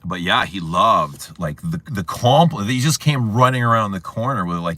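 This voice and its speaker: A man hosting a casual livestream, chatting to viewers and telling stories in a chatty, animated way. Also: fairly low pitch, moderate pace, few pauses, dry recording. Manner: chatty, storytelling, animated retelling. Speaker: livestream host.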